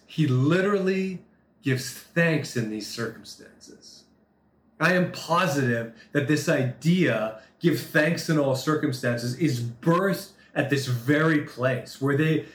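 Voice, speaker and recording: A man preaching a sermon, talking through a scripture passage in a conversational way, with quick asides and slower, dramatic reading. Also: a little high, lively intonation, reverberant. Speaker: pastor.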